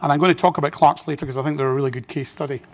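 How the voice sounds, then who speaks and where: English man, forties, conference presenter; chatty, self-deprecating, a touch high-pitched. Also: fairly even intonation, very fast. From Britain. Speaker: conference speaker. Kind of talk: business presentation. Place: conference hall.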